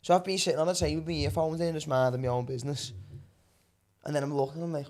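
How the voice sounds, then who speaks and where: A man's voice: fairly high pitch, fairly even intonation, very fast, a little mellow. A man with a Liverpool accent telling rambling, swear-filled comic stories on a podcast and calling everyone lad. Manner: rambling, swears freely, calls people lad. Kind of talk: casual comedic storytelling.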